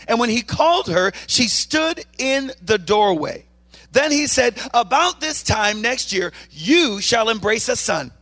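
A man preaching a lively sermon to a church congregation, reading scripture and making playful asides, with a loud, animated delivery. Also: high voice, unhurried. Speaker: guest preacher.

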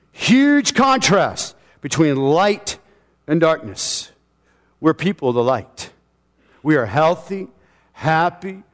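A middle-aged man delivers a sermon from the pulpit, his voice pitched high. He surges into loud, fervent declarations and then drops to near-quiet asides. The sound rings with the long reverb of a church sanctuary. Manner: passionate preaching, swings from loud to quiet. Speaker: pastor.

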